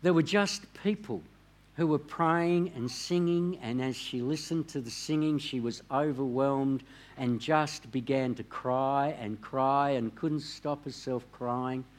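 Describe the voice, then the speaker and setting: A man preaching a sermon, telling a story in a measured way and dropping his voice quietly on key words. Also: medium pitch. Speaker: pastor.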